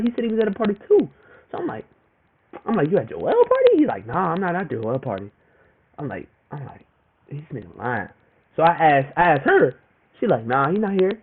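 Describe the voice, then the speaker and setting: Slangy young man on tinny phone audio. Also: sits high. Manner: rambling and repetitive, slangy, animated when quoting others. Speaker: vlogger telling a personal story. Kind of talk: casual storytime monologue.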